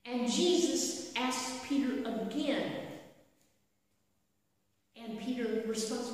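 Slow, echoey woman preaching. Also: a little high. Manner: storytelling with frequent rhetorical questions. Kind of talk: sermon. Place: church sanctuary. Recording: echoey hall from a distant mic.

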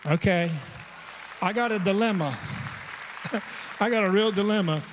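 In a church sanctuary with long hall reverb, a pastor with a high-pitched voice preaches at a measured pace. His storytelling sermon is conversational and humorous, with asides to the congregation, and a crowd makes the background noisy.

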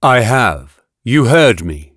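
A male audiobook narrator voicing a calm, measured male android scientist. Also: mid-range voice, dry recording, studio quality, full character voice.

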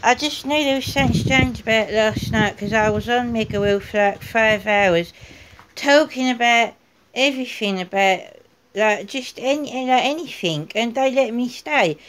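A woman's voice: fairly high pitch, normal speed, fairly bright tone, a little hiss or hum, low-quality recording. A woman streaming from her computer, complaining in exasperation about being blocked from chat. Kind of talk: frustrated live-stream rant.

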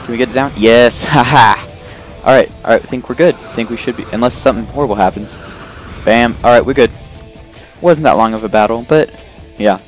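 A man talking through a video game in a casual, rambling way, full of fillers and self-deprecating jokes. His pitch sits in an ordinary middle range. Faint game music plays underneath. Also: a little fast. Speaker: let's play host. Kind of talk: casual gameplay commentary.

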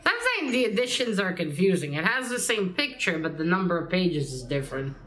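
A young woman with a lowish voice chats loosely about her books, wandering between thoughts and dropping the occasional swear. She has a slight cold that roughens the edges of her casual vlog talk. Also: sing-song, brisk, fairly bright tone. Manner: rambling, casual, swears lightly. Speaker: book vlogger. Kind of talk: casual reading vlog chat.

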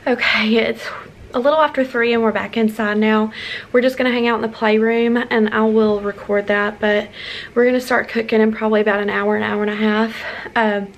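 A woman's voice: on the high side, fairly even intonation, fairly quick, highs cut off, slight background noise. A woman vlogging at home with her family, chatting casually about her day and talking to her small son. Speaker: vlogger, mother. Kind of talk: casual family vlog narration.

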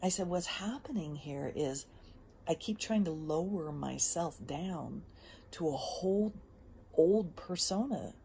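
Woman host, low and husky-gravelly voice, casual motivational chat, whispery asides, faint background noise. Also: expressive, a little slow. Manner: emphatic, drifts between soft whispers and bursts. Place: outdoors.

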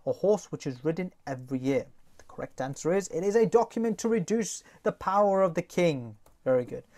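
Lively male test-prep teacher. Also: high voice. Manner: lively, jokey, addresses class directly. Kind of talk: recorded test-prep lesson.

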